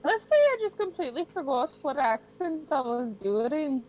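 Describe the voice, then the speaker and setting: A woman chatting as a tabletop game player, giggly and animated, on a home mic. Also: high-pitched, moderate pace, a crowd in the background. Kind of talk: casual tabletop game chat.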